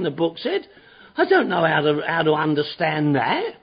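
A man's voice: on the high side, wildly swooping pitch, moderate pace, slightly rough. A man giving a personal recovery testimony at a meeting, rambling and repetitive with stammering restarts. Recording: dull lo-fi recording.

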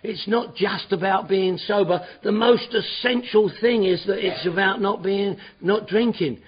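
A middle-aged man giving an animated personal talk at a recovery meeting, acting out his old self in his stories. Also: high voice, a little slow, slightly rough. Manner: animated storytelling, acts out his own past shouting. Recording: dull lo-fi recording.

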